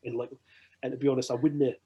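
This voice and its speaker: Chatting casually on a podcast, this Scottish-accented man rattles off animated stories peppered with profanity. He talks fast in a mid-range voice, and the audio sounds narrow and tinny.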